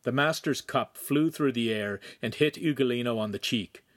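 A man reading a young adult novel aloud in a measured, even way. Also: mid-range voice, no echo, studio quality. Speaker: audiobook narrator. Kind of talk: scripted narration.

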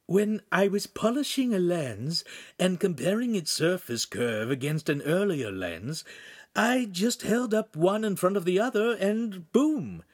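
A man's voice: sits high, big pitch swings, measured pace, no echo, clean studio sound, voice pushed up, heavily acted. A man reading an audiobook, voicing an earnest, careful teenage apprentice. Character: clever earnest teen apprentice.

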